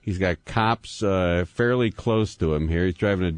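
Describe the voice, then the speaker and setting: A man's voice: low voice, moderate pace, smooth, no room sound. A man hosting a call-in radio talk show, joking loosely with callers and reading out breaking news. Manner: loose, joking, lively delivery with laughs. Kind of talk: casual call-in radio chat.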